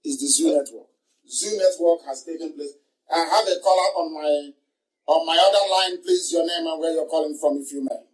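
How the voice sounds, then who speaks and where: A man's voice: a little high, a little fast, poor audio. A man from Nigeria hosting a live radio call-in, courteous, repeating his phrases and urging callers to go ahead. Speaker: leader answering callers on air.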